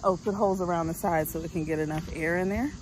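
A woman's voice: lowish voice, quick pace, background noise. A woman chatting casually as she walks through her home garden outdoors, folksy and full of ums. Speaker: homestead vlogger.

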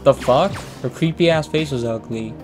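A man commenting on a video game as he plays, swearing constantly and breaking into loud sudden outbursts. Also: medium pitch, normal speed. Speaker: gameplay commentator. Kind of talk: let's play commentary. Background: game audio and music.

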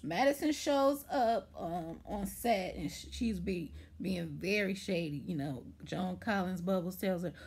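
A woman's voice: lowish voice, measured pace, hardly any pauses, slightly rough. A woman casually recapping a TV episode in a chatty, rambling way, full of fillers and acted-out quotes. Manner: chatty, rambling, lots of "like" and "anywho"; animated retelling with acted-out quotes. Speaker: TV show reviewer.

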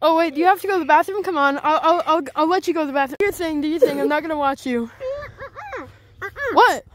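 A woman's voice: sits high, fast talker, lightly acted. A woman voicing a young dog owner who chats and guesses in a rambling, puzzled way, in a fan plush video.

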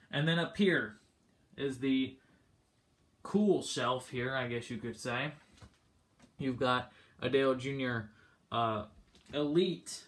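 A man with a medium-pitched voice casually shows off his diecast car collection. He rambles with lots of fillers and sounds a bit out of breath.

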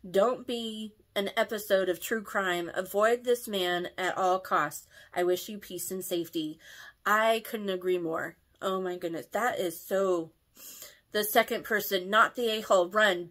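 A woman's voice: medium pitch, a bit bright. A woman reading online posts and comments aloud, reacting emotionally, often stumbling and correcting her words.

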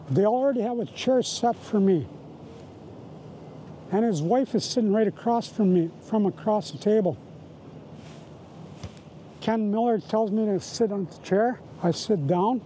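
Man, high voice, mellow tone, testimony, present-tense retelling, repeating phrases. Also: slight background noise, rough recording. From Canada. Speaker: residential school survivor. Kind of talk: personal testimony in a documentary interview.

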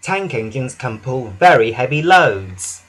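A man's voice: medium pitch, sing-song, a little slow, fairly bright tone, slightly rough, exaggerated voice. A man doing a small huffy tank engine. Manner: huffy and stubborn. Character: small proud young male tank engine.

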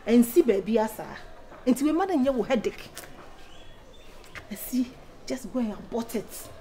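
A woman in casual chat, talking insistently and pushing hard, her voice climbing loud when she presses a point. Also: fairly high pitch, expressive, normal speed, a little hiss or hum. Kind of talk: casual chat mixing pidgin and Twi.

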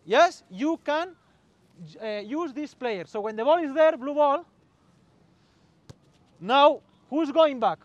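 High-voiced man coaching on a pitch. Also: expressive, slow pace, long pauses, dry recording, muffled recording. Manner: short commands, calls out to players, mixes in Spanish. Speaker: football coach. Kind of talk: on-field coaching demonstration.

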